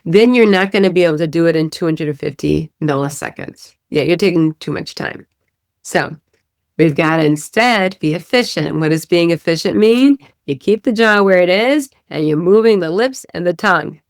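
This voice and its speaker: A woman's voice: lowish voice, lively intonation, moderate pace, no room sound, studio quality. A woman speech-language pathologist explaining a therapy method, demonstrating sounds and checking in with "right?". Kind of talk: teaching podcast explanation.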